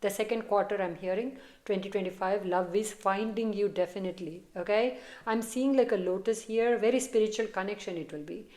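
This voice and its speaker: A woman's voice: medium pitch, a little fast, hardly any pauses, a little mellow. A woman tarot reader talking casually and reassuringly straight to her viewers as she gives a reading. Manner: chatty, reassuring, direct address to viewers.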